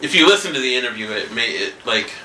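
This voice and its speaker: A man's voice: mid-range voice, sing-song, fast, pushed and bright, recorded from a distance, slight background noise. A man co-hosting a podcast in casual chat, rambling loosely, swearing freely and laughing often. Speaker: podcast co-host. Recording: roomy echo, a bit off-mic.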